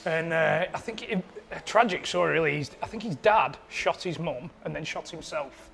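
A man's voice: a little high, moderate pace, creaky, a bit bright, slight background noise. A man, rambling through a self-mocking anecdote on a podcast. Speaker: podcast producer. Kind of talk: casual storytelling.

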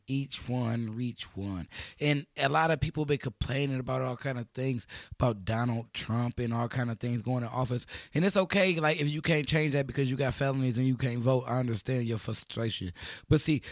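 A man from Chicago hosting a community radio call-in show, joking loudly and slangy with friends in the studio. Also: medium pitch, dry recording. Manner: rowdy, joking, slangy, talks over friends. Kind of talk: loose call-in radio banter.

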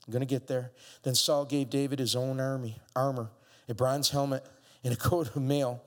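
A man preaching a sermon, acting out biblical voices and building up to shouts with playful asides. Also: mid-range voice, little pitch movement, moderate pace. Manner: acts out voices of biblical figures. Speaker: pastor. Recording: long hall reverb.

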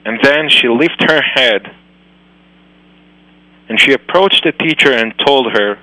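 A man, a rabbi telling a moral story in halting, phrasing. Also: mid-range voice, pushed and bright, dry recording, rough recording. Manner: slow, halting non-native phrasing. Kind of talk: storytelling lecture.

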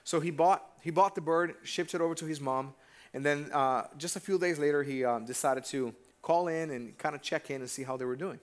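His voice is a little high and his delivery brisk. He's a pastor giving a casual, conversational sermon in church, frequently pausing to ask the congregation questions.

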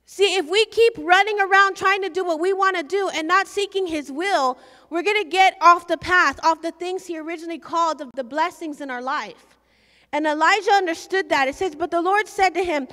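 Impassioned high-voiced woman preacher. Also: moderate pace, sharp tone. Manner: impassioned, acts out prayers and scripture quotes. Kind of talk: sermon. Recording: long hall reverb.

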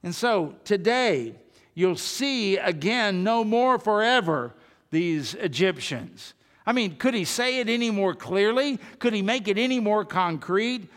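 A man's voice: sits high, animated, unhurried, fairly bright tone. A man preaching a sermon as pastor, earnest and emphatic, repeating phrases to drive his point home. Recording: long reverb of a large hall.

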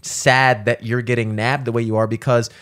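A man's voice: medium pitch, little pitch movement, normal speed, a bit bright. A man on a casual podcast, rambling and swearing, full of fillers and restarts. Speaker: podcast co-host.

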